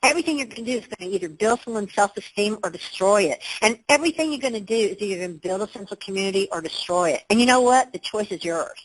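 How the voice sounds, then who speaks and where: A woman's voice: medium pitch, animated, quick pace, hardly any pauses, breathy edge, rough recording. Woman, webinar presenter, motivational talk, emphatic, upbeat, computer mic.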